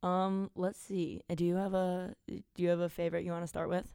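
A woman's voice: fairly low pitch, little pitch movement, a little fast, vocal fry, mellow, clean tone, no echo, clean studio sound. A young woman from Wisconsin, co-hosting a podcast in a chatty, giggly, self-mocking way. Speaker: podcast co-host. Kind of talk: casual chat.

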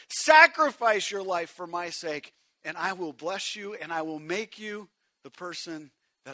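A man preaching a sermon to a congregation, swinging from hushed, quiet passages to shouted emphasis and speaking directly to his listeners. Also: high-pitched, unhurried, no echo. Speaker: pastor.

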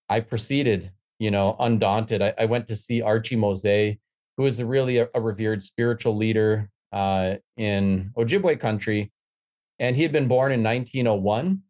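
A man's voice: fairly low pitch, a little mellow. A middle-aged man, a professor and author, answering an interview question with reflective, wry storytelling.

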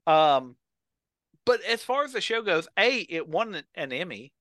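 A man's voice: high-pitched, sing-song, measured pace, fairly bright tone, dry recording. A man on a podcast, telling a story with enthusiasm and acting out the quotes. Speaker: podcast co-host. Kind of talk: casual chat.

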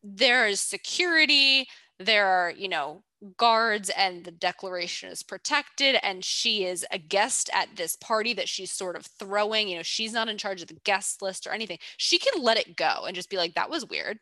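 A woman with a bright, forceful voice talks through a character analysis in casual podcast chat, playful and a little teasing. The sound is dry and close, with no room around it. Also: medium pitch, normal speed, no room sound. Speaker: podcast co-host.

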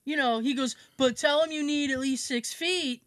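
A woman with a high, fairly bright voice speaks at a normal speed, with no echo in the recording. She's hosting a podcast and chatting casually, mimicking others while telling her story, being self-mocking, and dropping swear words easily.

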